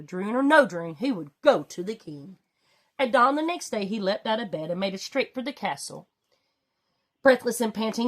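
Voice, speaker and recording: A woman reading a children's storybook aloud with expressive, dramatic delivery. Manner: expressive, swinging pitch for drama. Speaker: storybook reader. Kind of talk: read-aloud storybook narration.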